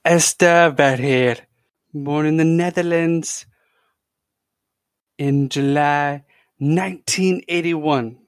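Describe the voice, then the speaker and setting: A man's voice: a little high, fairly even intonation, slow, pauses often, smooth, no echo, clean studio sound. A man hosting a podcast in a casual, chatty, enthusiastic monologue, often restarting his sentences. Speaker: podcast host.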